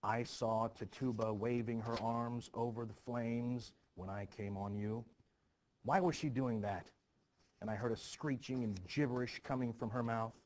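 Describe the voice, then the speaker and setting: Male reader as a worried, scolding minister, stern, mid-pitched voice. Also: fairly even intonation, unhurried, darkish tone, a little hiss or hum, natural voice. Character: anxious stern middle-aged minister, self-pitying. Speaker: teacher. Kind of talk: dramatic play reading.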